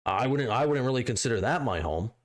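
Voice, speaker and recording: A man's voice: mid-range voice, lively intonation, quick pace. Rambling American man podcasting. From United States. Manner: rambling, hedging with "you know" and "like". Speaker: podcast co-host. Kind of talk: casual political chat.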